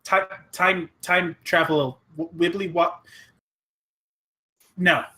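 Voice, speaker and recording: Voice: mid-range voice, steady tone, takes it slowly, bright, forceful tone. A player voicing an odd, meddling time-travelling waiter, rambling and stumbling over words. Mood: meddling cheerful. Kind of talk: improvised tabletop role-play.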